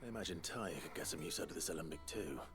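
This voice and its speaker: An actor voicing a reserved young male swordsman in a video game, answering tersely and calmly. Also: sits low, very fast, lightly acted. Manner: terse and calm. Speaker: game protagonist. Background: game music.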